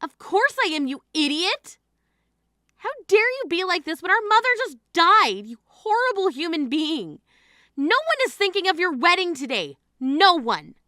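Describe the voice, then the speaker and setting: In a dramatized text-message story, a woman plays a stern, indignant grieving sister who is furious, scolding in an exasperated tone. Her voice is high, bright and sharp-edged with lively intonation at normal speed, recorded dry and close without echo or room sound.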